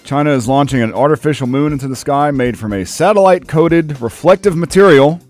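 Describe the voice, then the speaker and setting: A man's voice: on the high side, brisk, darkish tone, faint music behind. A man presenting a comic news segment on sports radio, telling odd stories in a wry, amused way.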